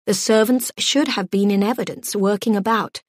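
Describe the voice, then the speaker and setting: A woman narrating an audiobook in a measured, gently expressive storytelling voice. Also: medium pitch, no room sound, studio quality.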